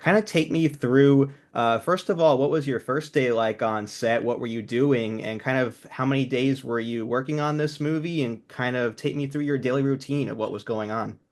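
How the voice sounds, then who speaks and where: A man co-hosts a podcast and puts questions to his guest. His phrasing is loose and relaxed, full of casual fillers. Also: mid-range voice, normal speed, hardly any pauses. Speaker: podcast co-host.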